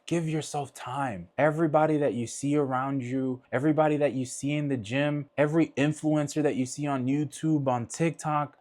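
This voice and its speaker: Man, fitness vlogger, blunt, swears a lot, heartfelt motivational talk, mid-pitched voice. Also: a little mellow. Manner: blunt and profane, earnest; heartfelt, emotional.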